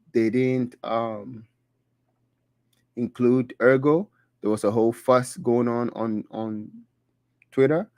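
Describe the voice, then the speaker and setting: A man's voice: mid-range voice, darkish tone, no room sound. Man with a dry, fading voice. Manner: halting, many fillers and restarts while reading through a list. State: dry throat, losing his voice. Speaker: crypto channel host. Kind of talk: casual solo livestream commentary.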